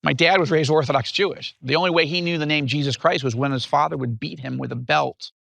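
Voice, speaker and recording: A man in his fifties from upstate New York, telling his life story as an interview guest in an animated way. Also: on the high side, fast talker, creaky, no echo. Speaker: guest author.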